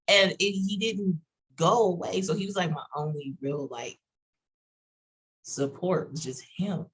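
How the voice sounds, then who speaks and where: Husky fast-talking Texan woman. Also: fairly low pitch, animated, rough recording. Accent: Texas. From Texas. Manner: fast-talking, fillers and run-on sentences. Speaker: roundtable participant. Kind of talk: casual group video chat.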